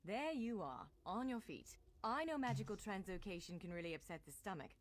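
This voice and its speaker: Woman playing a polite game clanswoman, reassuring, businesslike, lively intonation. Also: mid-range voice, fairly quick, close to an everyday voice. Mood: courteous. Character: courteous island clanswoman guiding a stranger. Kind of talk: video game dialogue.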